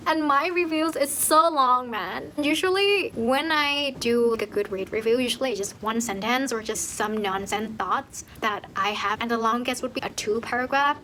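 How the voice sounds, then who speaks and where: A young woman ranting in a casual book review, animated, swearing and laughing often. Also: a little high, slight background noise, rough recording. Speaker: book vlogger.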